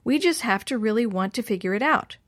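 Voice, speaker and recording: A woman's voice: a little high, expressive, brisk, lightly acted. Woman reading as an earnest thoughtful boy.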